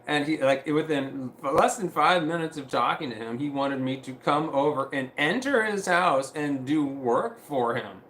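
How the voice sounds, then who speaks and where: A man telling a long story on a casual livestream, rambling and profane, with frequent restarts and quoting others in animated voices. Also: fairly high pitch, measured pace, hardly any pauses, reverberant, a little hiss or hum.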